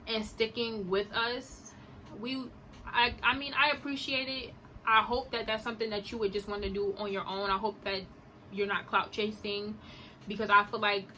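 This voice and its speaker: A woman's voice: medium pitch, pushed and bright, slight background noise, rough recording. A young woman vlogger giving an impassioned, indignant opinion monologue to her camera. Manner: emphatic, indignant, rhetorical.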